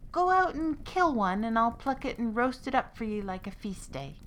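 A woman's voice: on the high side, sing-song, moderate pace, a little hiss or hum. A woman voicing an elderly widowed mother who is fretful and bossy, in a storytelling podcast. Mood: anxious. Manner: raised, fretful, commanding.

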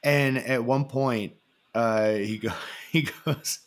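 A male podcast host chats casually, rambling through stories full of fillers and restarts and acting out quotes. His mid-range voice is steady in tone and he takes his time.

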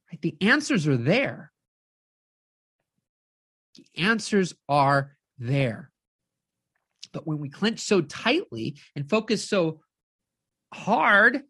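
A woman life coach giving an energetic live-streamed motivational talk, keeps checking in with her audience and acts out inner voices. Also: on the low side, slightly rough, no echo, studio quality.

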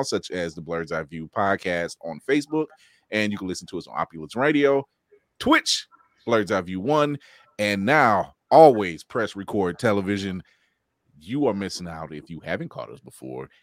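A man hosting a podcast, playful and lively, thanking viewers and plugging upcoming episodes. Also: sits low, moderate pace, dry recording, clean studio sound. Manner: lively, playful, laughing often. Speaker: podcast host. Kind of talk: casual podcast chat.

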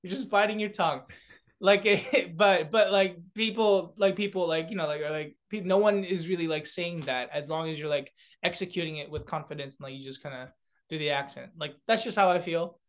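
His voice on the high side and brisk, a young comedian-beatboxer from South Korea rambles through a casual interview as a guest. Filler words and restarts come constantly, and he laughs often.

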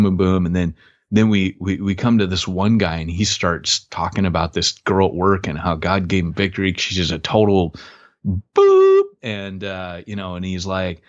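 A man on a podcast tells a story in an easy, chatty way, and he jumps up into a higher voice when he quotes people. His voice sits low. The sound is dry and a little dull. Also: no room sound. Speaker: podcast co-host, church planter. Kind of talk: casual storytelling chat.

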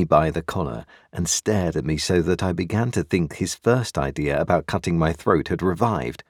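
A man reading a classic novel aloud as narrator, in measured, expressive storytelling. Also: low voice, slightly rough, dry recording, clean studio sound. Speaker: audiobook reader.

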